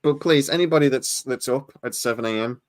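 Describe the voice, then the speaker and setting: A man's voice: mid-range voice, brisk. A tired man co-hosting a podcast, chatting casually and stammering as he rambles. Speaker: podcast co-host. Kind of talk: casual chat.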